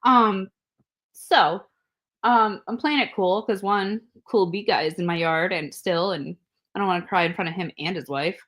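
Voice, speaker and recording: A woman co-hosting a podcast, telling a story in a casual, animated way, laughing often and acting out what people said. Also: on the low side, normal speed. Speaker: podcast co-host.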